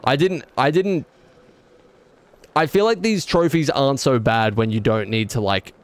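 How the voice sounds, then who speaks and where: A man's voice: medium pitch, measured pace. A man streaming a video game, rambling and correcting himself, with exasperated outbursts. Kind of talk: casual gameplay commentary.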